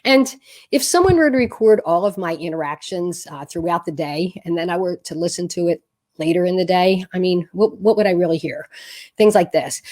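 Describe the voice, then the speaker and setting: A woman's voice: on the low side, moderate pace, darkish tone. A woman parenting coach giving earnest, conversational advice straight to camera, with frequent fillers and restarts. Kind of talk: direct-to-camera advice talk.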